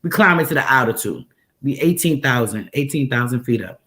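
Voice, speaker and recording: A host tells a story in casual conversation, her extremely low voice moving at a brisk clip. She sounds animated, bright and forceful, hammering home each point with repeated phrases.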